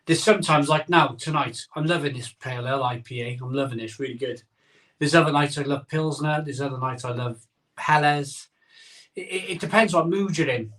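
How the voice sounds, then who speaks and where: A man's voice: on the high side, a little fast, fairly bright tone. A man, hosting a live stream and chatting casually while he reads out viewer comments, often repeating himself with plenty of ums. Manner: chatty, cheerful, many ums and repeated phrases. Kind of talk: casual chat.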